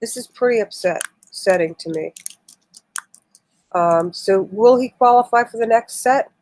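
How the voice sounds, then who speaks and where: A woman's voice: on the high side, moderate pace, a little mellow, no room sound, rough recording. A woman hosting a casual political live stream, reading news articles aloud with indignant, emotional asides. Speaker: political livestream host.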